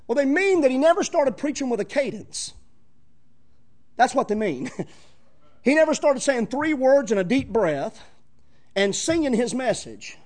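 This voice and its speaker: High, lively-voiced man preaching fervently. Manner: fervent, emphatic preaching with repeated phrases; folksy, conversational asides to the congregation. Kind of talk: sermon.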